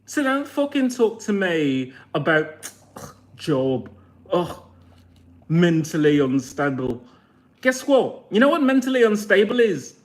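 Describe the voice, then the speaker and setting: A man's voice: high-pitched, big pitch swings, takes it slowly. A man in his forties, talking to camera in a blunt, mocking rant full of swearing. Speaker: vlogger.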